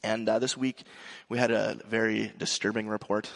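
A male pastor in his thirties giving a sermon, joking and telling a lively family story. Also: lowish voice, normal speed, creaky.

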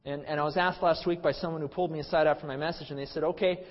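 A man in his thirties preaching a sermon as pastor, impassioned, swinging from loud emphasis to a low hush. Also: steady tone, rapid-fire. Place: church sanctuary. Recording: muffled sound in a hall with long reverb.

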